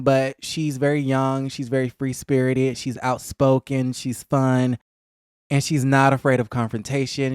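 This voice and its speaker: A man's voice: smooth, dry recording, clean studio sound. Gossipy man recapping reality TV. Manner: gossipy and animated, acting out cast members in a higher voice. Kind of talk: casual chat.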